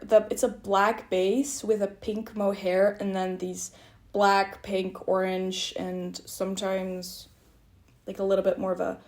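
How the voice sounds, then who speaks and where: A woman's voice: medium pitch, a little mellow. A woman in her twenties with an American accent, hosting a knitting podcast at home in a casual, rambling chat full of "like" fillers.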